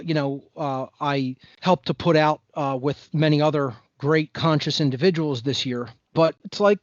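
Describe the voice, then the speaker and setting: A man's voice: fairly high pitch, no echo, lo-fi sound. A man speaking as a podcast guest in an impassioned monologue, blunt, preachy and emphatic.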